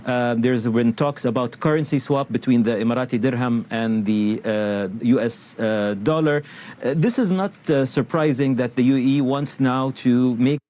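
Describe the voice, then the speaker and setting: A male news guest with a mellow, dark voice who explains economic policy haltingly. He keeps breaking off with fillers and restarts. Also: mid-range voice. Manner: hesitant, full of uh fillers and restarts. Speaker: interview guest analyst. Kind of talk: news interview answer.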